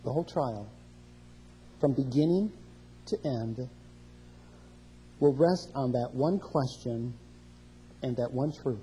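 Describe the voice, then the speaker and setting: A man's voice: medium pitch, slow pace, long pauses, dark tone, in a large hall, slight background noise, rough recording. A man preaching a sermon, walking through scripture verse by verse and rising in emphasis on key questions. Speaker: pastor.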